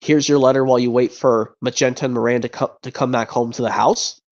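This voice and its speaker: A man's voice: medium pitch, steady tone, quick pace, dull audio, lightly acted. A man doing a cheerful kids' TV host. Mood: friendly.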